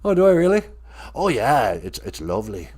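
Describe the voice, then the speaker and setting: A man voicing a kindly fatherly Great Spirit who gently encourages him as his son, as a comic aside on a live stream. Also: mid-range voice, big pitch swings, normal speed. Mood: fond.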